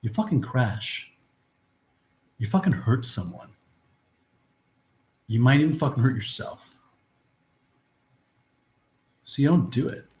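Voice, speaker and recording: A vlogger delivers a rambling, philosophical monologue, blunt and profane, restarting often. His mid-range voice is expressive and darkish in tone, slow, with frequent pauses. The recording has a roomy echo.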